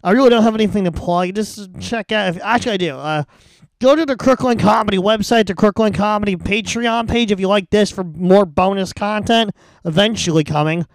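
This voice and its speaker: Man, podcast host, high voice, short reactions, dry sound. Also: a little fast, dry recording. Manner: brief reactions, plugs the show. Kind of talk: casual chat.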